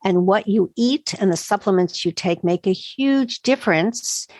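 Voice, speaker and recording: A woman, a doctor answering podcast interview questions with emphatic, animated explanations. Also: medium pitch, unhurried, dry recording. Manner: emphatic, animated storytelling with quoted asides. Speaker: integrative medicine doctor, podcast guest.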